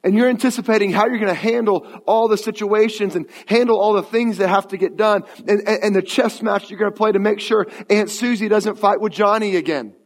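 Pastor guy, late 30s, higher voice, chatty storytelling sermon, big echoey church. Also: fairly even intonation, a little fast, few pauses. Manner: conversational storytelling. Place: church sanctuary. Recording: long church hall reverb.

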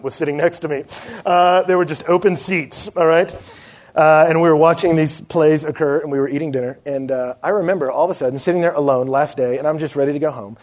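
A young man preaching a sermon, telling a lively story and acting out the people in it. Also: on the high side. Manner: animated storyteller acting out quoted voices.

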